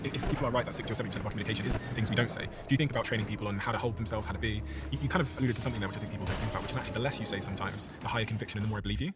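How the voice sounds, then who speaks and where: A man with a fairly low voice asks questions at a quick pace. He sits a little away from the mic, and there is noise behind him. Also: far from the mic. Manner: conversational, asks probing questions. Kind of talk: interview questions.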